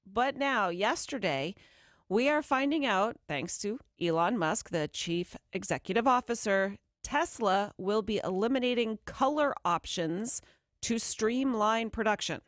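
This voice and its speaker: A woman co-hosting a morning radio show, reading news items in a brisk, chatty way from a studio microphone. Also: mid-range voice, lively intonation, no room sound. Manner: brisk newsy delivery, quick laughs. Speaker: radio co-host.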